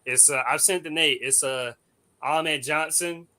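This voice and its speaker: A man chatting casually as a show co-host. His voice is bright and forceful. He tells animated stories with coarse slang and laughs often. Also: on the high side, a little slow. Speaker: podcast co-host. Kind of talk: casual chat.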